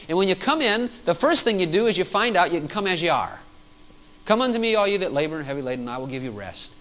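Animated high-voiced male preacher. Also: poor audio. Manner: animated preaching with rhetorical questions. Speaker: pastor. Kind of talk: sermon.

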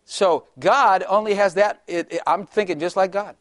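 A man's voice: high voice, normal speed, a bit bright, dry recording, studio quality. An older man, a pastor, giving a humorous, chatty sermon, often laughing and acting out little voices.

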